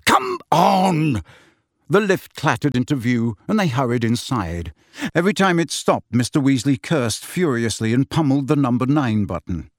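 A male audiobook narrator reads a script with expressive storytelling flair. His voice is medium in pitch and moves at a normal speed, captured in a dry, clean studio recording.

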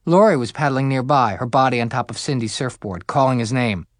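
A man narrating a fantasy story aloud, expressive and pitching up for the characters' dialogue. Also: brisk, dry recording, clean studio sound. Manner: expressive, rising higher for the hero's dialogue. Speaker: audiobook narrator. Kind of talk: scripted narration.

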